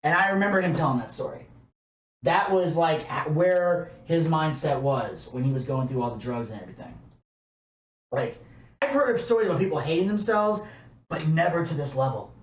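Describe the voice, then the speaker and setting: A man's voice: on the high side, lively intonation, normal speed. A man co-hosting a podcast, telling a story casually with lots of fillers and swearing. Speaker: podcast co-host. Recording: echoey room, distant mic.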